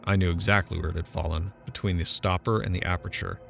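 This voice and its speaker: A man's voice: deep voice, little pitch movement, quick pace, vocal fry, a bit bright, slight background noise, exaggerated voice. A man reading an audiobook, voicing a haunted, defiant young man who recounts his ordeal with intense urgency. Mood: urgent.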